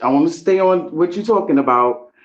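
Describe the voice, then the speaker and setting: A woman's voice: low voice, lively intonation, brisk. New woman calling in, lo-fi phone. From New York. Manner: chatty, storytelling. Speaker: caller. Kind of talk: casual phone call chat. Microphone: phone call. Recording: dull lo-fi phone call.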